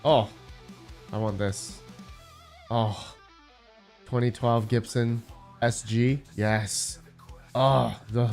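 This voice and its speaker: A man's voice: mid-range voice, steady tone, extremely slow, creaky, long pauses, darkish tone, faint music behind. A man hosting a casual live stream, rambling as he thinks aloud and answers his chat.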